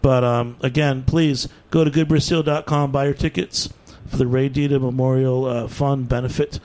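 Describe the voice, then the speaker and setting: A man with a mid-pitched, easygoing voice hosts a beer radio show. He chats casually with his guests and runs through event plugs in a brisk, upbeat way. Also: level tone, a little mellow. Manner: upbeat, laughs easily, quick plug-filled wrap-up. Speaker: radio podcast host. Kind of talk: casual radio chat and announcements.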